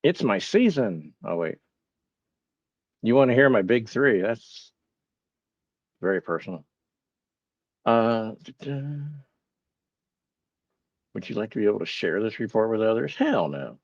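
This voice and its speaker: This livestream host thinks out loud and answers chat messages, gently mocking himself for being confused. He speaks in a low, sing-song voice at a measured pace with long pauses; there's no room sound and the high frequencies are missing.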